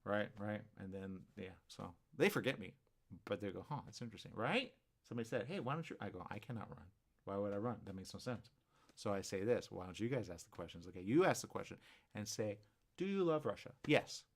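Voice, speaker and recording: A man with a fairly low, brisk voice and vocal fry hosts a live talk show. He rambles through an animated monologue, playing both sides of imagined conversations and tacking "right?" onto many of his points.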